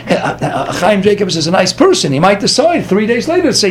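A man teaching a Torah class, quoting Hebrew sources and translating them, with lively storytelling and quick asides to his listeners. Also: high-pitched, slight background noise. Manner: reads Hebrew sources then translates them into plain English.

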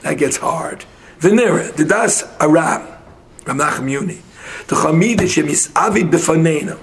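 A man with a somewhat high voice works through a Talmud passage with a study partner. He argues fast and insistently. His English is dense with Hebrew and Aramaic terms. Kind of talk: casual Talmud study session.

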